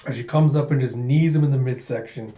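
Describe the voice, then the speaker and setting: A man narrates a comic readthrough in a chatty, loose, casual way, adding sound effects as he goes. His medium-pitched voice is brisk and mellow, and the recording sounds roomy and dull.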